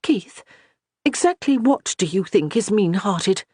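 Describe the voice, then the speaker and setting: Brief: woman reader doing a fed-up young lady of the clan, scolding and sharp, lively swings in pitch, dry close sound. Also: unhurried, slightly rough, no echo. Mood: exasperated. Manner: sharp, raised, scolding delivery. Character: exasperated young noblewoman, strong-willed lady of a clan. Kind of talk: audiobook character voice.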